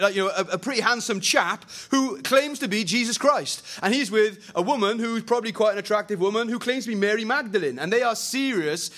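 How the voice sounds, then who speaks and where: Animated young preacher, fairly high voice. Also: male voice. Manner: animated, swinging from loud emphasis to quiet earnestness. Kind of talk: sermon.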